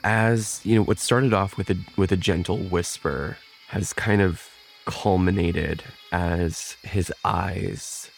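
Man, tabletop player, slow, gravelly, deliberate narration. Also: low-pitched, steady tone, soft background music. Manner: measured, drawn-out, in-character declarations. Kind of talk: tabletop role-play narration.

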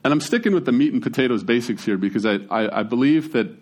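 A man, giving a casual, conversational sermon as a pastor, with folksy, animated storytelling. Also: mid-range voice, quick pace, breathy edge.

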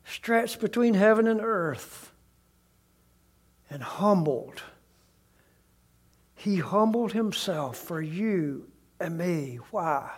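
A man preaching outdoors with a fairly high voice. He takes his time over every phrase, lets words hang, and drops into soft, hushed tones for emphasis. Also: expressive, extremely slow, long pauses. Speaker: pastor. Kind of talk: sermon. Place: outdoors beside a tree.

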